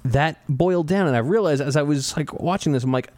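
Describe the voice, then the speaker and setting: A man's voice: a little high, a little fast, a little mellow, no room sound. A man co-hosting a podcast, making a blunt, profane argument in casual talk. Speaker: podcast co-host.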